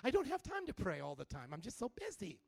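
A man's voice: high voice, huge pitch swings, fast, creaky, husky, no room sound, full character voice. A man voicing a stubborn, self-justifying mother. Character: stubborn busy mother who puts family first.

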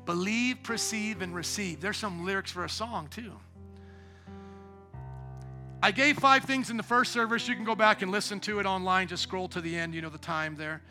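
With soft instrumental music beneath him, a male pastor preaches a sermon in a church sanctuary, fairly quick and with few pauses. His high, bright, ringing voice sinks to near-whispered asides before climbing into loud, shouted exhortation.

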